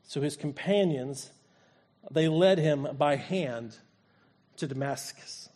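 A man's voice: a little high, slow pace, a little mellow. A male pastor preaching a sermon, retelling a scripture story and acting out its voices. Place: church sanctuary.

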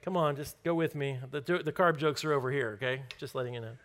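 A man's voice: medium pitch, a bit bright. A man preaching a sermon in a conversational, joking way. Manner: conversational, joking, drawn-out stresses. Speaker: pastor.

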